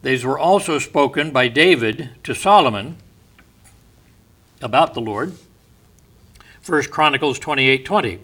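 Slow-talking bright-voiced male preacher. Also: mid-range voice, lively intonation. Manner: reads scripture aloud, then explains it with chuckles. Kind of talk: sermon.

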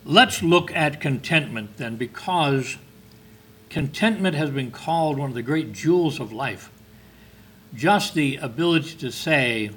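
A man with a slightly high, lively voice preaches conversationally, a little slowly, with a bit of brightness and some faint hiss or hum. He asks his listeners rhetorical questions, lifts his voice for emphasis, and reads scripture aloud in King James wording.

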